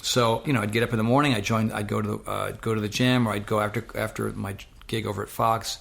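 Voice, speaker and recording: Man, middle-aged, gravelly, lowish voice, casual storytelling, mimics quoted people. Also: quick pace. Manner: animated anecdote-telling, acts out quoted voices. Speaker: interview guest.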